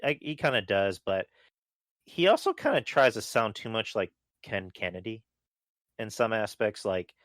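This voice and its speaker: A man's voice: lowish voice, very animated, normal speed, a bit bright, no echo. A man guest on a podcast, chatting offhandedly and hedging his opinions, with casual swearing. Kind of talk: casual wrestling podcast chat.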